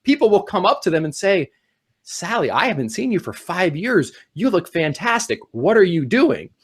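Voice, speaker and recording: Man, middle-aged, talk show co-host, casual advice, animated, speeds up when excited. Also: sits high, normal speed, breathy edge. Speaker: podcast co-host.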